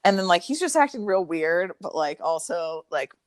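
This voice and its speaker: Woman, low-pitched, dry recording, young adult, casual podcast storytelling, swears a lot, many fillers. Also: moderate pace, no echo. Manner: profane, filler-heavy, animated retelling. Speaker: podcast guest.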